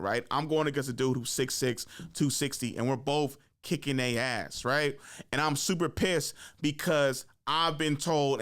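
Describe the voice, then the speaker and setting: A young man hosting a podcast, telling stories in a casual, animated way, full of slang and swearing. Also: medium pitch. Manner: animated, slangy and profane, with frequent "like" and "right?". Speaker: podcast host. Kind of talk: casual storytelling.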